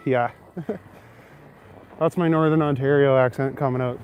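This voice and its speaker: A young Canadian streamer chats and answers viewer comments as he walks snowy city streets at night, holding a phone camera. His mid-range voice is steady and slow. The audio is narrow and tinny, with a little hiss or hum.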